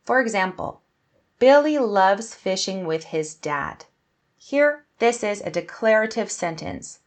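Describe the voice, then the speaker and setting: A young adult woman teaching an English grammar lesson, explaining clearly and slowly, acting out example sentences. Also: on the low side.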